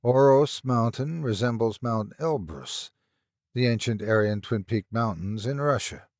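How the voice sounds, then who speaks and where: A man narrating a story in a measured, expressive storytelling style, close to the mic. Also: mid-range voice, no room sound.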